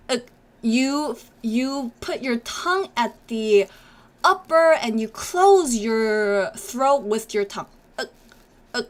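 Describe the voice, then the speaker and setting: Her voice high-pitched, bright and forceful, a young woman leads a live online Korean lesson. She drills sounds through constant repetition and cheers viewers on while reading their comments aloud.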